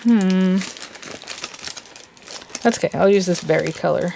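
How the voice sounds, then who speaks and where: A woman's voice: on the low side, measured pace, vocal fry, mellow, slight background noise. A woman hosting a casual crafting tutorial, chatty and thinking aloud as she works. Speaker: crafting host.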